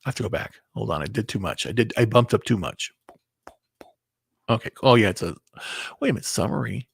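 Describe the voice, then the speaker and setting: Man, mid-pitched, gravelly and a bit husky, rambling casual commentary, dry close sound. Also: animated, fairly quick, no room sound. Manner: rambling, restarts, swears under breath, sharing screen. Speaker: video commentator. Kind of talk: casual opinion monologue to camera.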